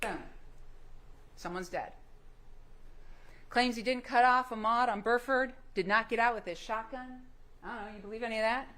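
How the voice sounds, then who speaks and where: A woman's voice: on the high side, normal speed, long pauses, fairly bright tone. A woman prosecutor delivering a closing argument, pressing the jury with emphatic rhetorical questions. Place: courtroom. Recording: echoey courtroom with faint hum.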